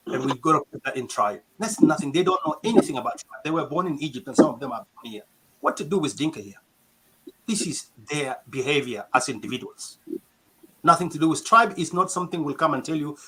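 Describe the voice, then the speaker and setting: Husky south sudanese guy, fired up, pitch a bit high, lots of rhetorical questions. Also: lively intonation, a little fast, sharp tone, rough recording. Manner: impassioned, rhetorical questions, restarts. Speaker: community speaker in an online discussion. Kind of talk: passionate audio-room speech.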